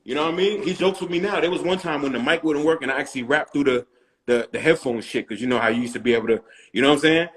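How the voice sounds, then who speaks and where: A middle-aged man sits in for a relaxed interview chat. His voice sits a little high for a man. He rambles through his stories and keeps checking in with the listener. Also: very fast. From Long Island, New York. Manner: loose storytelling with frequent "you know what I'm saying". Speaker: rapper guest.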